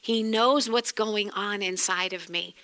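A middle-aged woman with a New England accent teaching a sermon in a chatty way, laughing often and breaking into lively exclamations. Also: medium pitch, a little slow. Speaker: Bible teacher.

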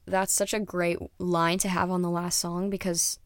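A woman's voice: fairly low pitch, level tone, normal speed, few pauses, no echo, clean studio sound. A young woman chatting casually as a music reviewer, rambling and dropping into whispered asides. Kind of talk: casual chat.

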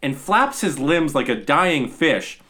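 A man on a casual podcast, recapping a movie scene in a dry, deadpan way. He pauses often on hesitant fillers, yet his pitch rises and falls a lot. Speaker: podcast co-host.

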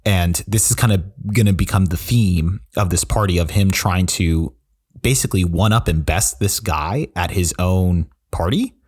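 A man with a very low voice co-hosts a book podcast. He summarizes the chapter in an easygoing, rambling way, full of fillers. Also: moderate pace, breathy edge. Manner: relaxed plot summary with fillers. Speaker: podcast co-host. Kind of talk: casual literary discussion.

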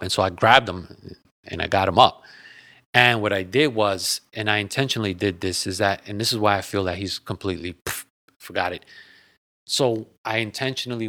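A man's voice: fairly low pitch, fairly bright tone, dry recording, clean studio sound. A man telling a personal story in a casual, rambling, earnest way, often repeating and restarting his words. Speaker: guest sharing a personal story.

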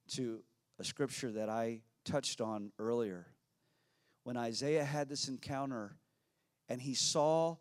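A male pastor preaching at an unhurried, deliberate pace in a mid-pitched voice. He repeats phrases for weight and swings between hushed, near-whispered passages and loud, fervent peaks. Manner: dramatic swings from hushed to shouting; slow, emphatic preaching with repetition. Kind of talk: sermon.

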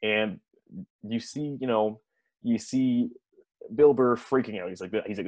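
A man's voice: medium pitch, unhurried, pauses often, a little mellow, no room sound. Rambling man recapping a show, dry mic. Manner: rambling, chuckles often, many fillers and restarts. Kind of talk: casual episode recap chat.

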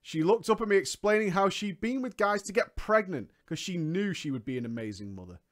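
A man's voice: high-pitched, animated, fairly quick. A man reading a story aloud and breaking into mocking asides, laughing often as he comments.

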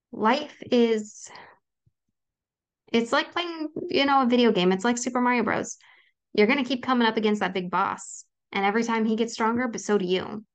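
A woman's voice: mid-range voice, gravelly. Earnest woman hosting a solo podcast. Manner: earnest, reassuring, with frequent ums. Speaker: podcast host. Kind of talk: personal solo podcast talk.

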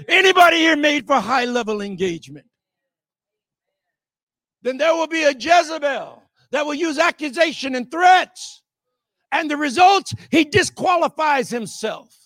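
A man preaching a sermon, emphatic and often shouting, calling out rhetorical questions to the congregation. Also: very high voice, expressive, unhurried, no room sound, clean studio sound.

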